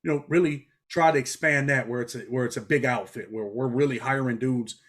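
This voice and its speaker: A middle-aged man talks quickly in blunt, streetwise phrases. He keeps dropping "man" and "bro" as he tells his stories. His voice sits in a middle pitch. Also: steady tone, a bit bright. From New York. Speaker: interview guest, former prisoner. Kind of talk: casual interview storytelling.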